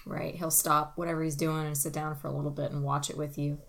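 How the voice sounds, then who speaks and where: A woman hosting a casual family podcast as a mother. She gently prompts her child with leading questions. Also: deep voice, flat delivery, fast talker, gravelly.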